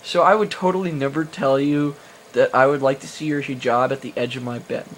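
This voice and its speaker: A young man with a middle-pitched voice talks into a camera held in his own hand. He rambles, stalls on fillers and restarts his sentences, and turns his answers into crude, self-deprecating jokes. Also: fairly even intonation, a little fast, slight background noise. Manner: self-mocking, crude humor. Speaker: vlogger answering viewer questions. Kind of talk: casual Q&A vlog talk. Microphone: handheld camera mic.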